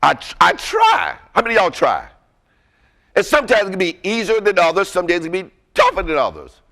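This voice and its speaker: A man's voice: high-pitched, very animated, fast, a bit bright. A man giving an interactive motivational lecture, energetically quizzing the audience with fill-in questions. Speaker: workshop presenter.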